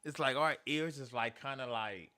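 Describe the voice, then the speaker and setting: A man's voice: medium pitch, normal speed, pushed and bright. American male streamer, casual rambling reaction commentary. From United States. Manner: loose, rambling, heavy filler "like" and "bro". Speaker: streamer reacting to rap videos.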